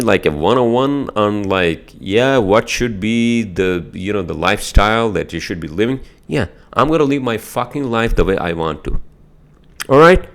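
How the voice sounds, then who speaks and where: A man with a very low voice rants alone on his podcast at his home computer. He talks in an angry, profane stream broken by filler words. Again and again he punches up to a loud, challenging "all right?". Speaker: podcast host. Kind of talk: casual solo podcast rant.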